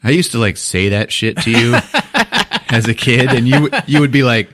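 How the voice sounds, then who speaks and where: A man hosting a podcast who retells a film as a casual comedic recap, animated, laughing and swearing. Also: on the high side, extremely slow, pauses often, slightly rough. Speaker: podcast host.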